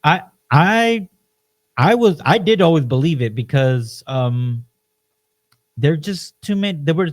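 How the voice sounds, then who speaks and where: Brief: male co-host, a bit high-pitched, lively and emphatic, casual storyteller. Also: unhurried. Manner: animated, emphatic storytelling, frequent "you know". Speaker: podcast co-host. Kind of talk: casual podcast chat.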